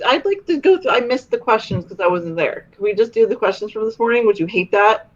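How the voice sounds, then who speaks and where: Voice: medium pitch, expressive, fast, dull audio. A friend on a group video call, eager and laughing often, swearing casually.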